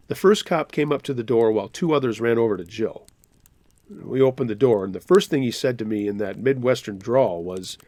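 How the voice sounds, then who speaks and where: Male horror-story narrator, mid pitch, dry close-mic read, deliberate pacing. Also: darkish tone, no room sound. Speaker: narrator reading listener stories.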